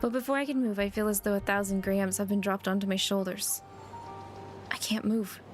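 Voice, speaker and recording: A woman's voice: mid-range voice, steady tone, a little fast, soft background music. A young woman streamer reading a story game aloud and chatting casually with viewers. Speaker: VTuber streamer.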